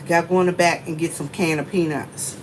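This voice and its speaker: Air conditioning hums behind this store clerk as she vlogs at work in a gas station store. Her voice is fairly low, fairly even in intonation, and quick, and she rambles repetitively while chatting casually with viewers.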